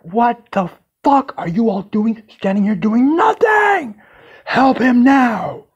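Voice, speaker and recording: A man's voice: sits high, racing, dark tone, husky, muffled recording, voice pushed up. A man voicing his angry male boss, who barks orders at his workers. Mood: shouting angrily. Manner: barking orders.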